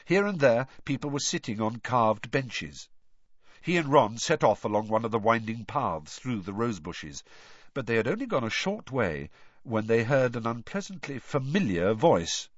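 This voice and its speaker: A man narrating an audiobook with an expressive, varied storytelling delivery. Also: medium pitch, normal speed, no echo. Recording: dull lo-fi dry audio.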